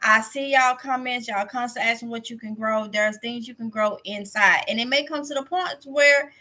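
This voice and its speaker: A woman with a Mississippi drawl talks straight to her live chat in a bright, slightly high voice. She rambles in a casual way and repeats herself to make a point stick. It sounds like a relaxed home livestream. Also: moderate pace. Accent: Mississippi Southern. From Mississippi, USA. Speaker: livestream host. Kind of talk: casual livestream chat reading viewer comments.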